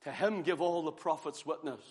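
A man preaches a revival sermon in a high, ringing voice. His delivery is fervent and rhythmic, swelling into loud cries and sinking into hushed near-whispers. The sound carries a long reverb, as from a church hall. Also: normal speed, slightly rough.

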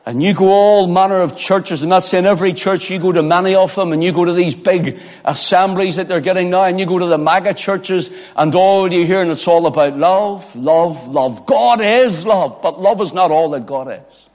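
A man preaching a sermon as pastor, dropping to near whispers and rising to ringing shouted cries. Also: high-pitched, normal speed, hardly any pauses. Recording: long hall reverb.

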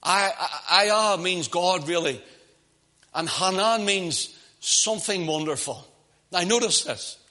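High, bright-voiced male preacher. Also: slow pace. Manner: impassioned, swings from loud emphasis to hushed asides. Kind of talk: sermon.

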